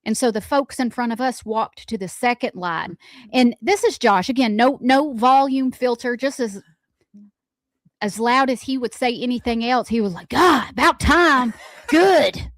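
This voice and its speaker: A woman co-hosting a radio morning show, telling everyday stories in a chatty, animated, self-deprecating way. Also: fairly high pitch, moderate pace, no room sound, studio quality. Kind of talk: casual storytelling chat.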